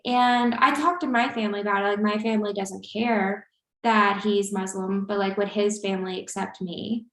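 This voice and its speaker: A woman's voice: medium pitch, fairly even intonation, moderate pace, a little hiss or hum. A young woman co-hosting a podcast, telling a story in casual chat with lots of fillers along the way. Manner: rambling, filler-heavy storytelling. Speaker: podcast co-host. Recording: roomy echo.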